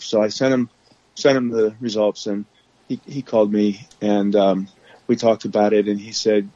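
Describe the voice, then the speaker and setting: A man guest telling his story candidly on a podcast, halting often with restarts and fillers, over remote call audio. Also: medium pitch, steady tone, dark tone, dry recording, highs cut off.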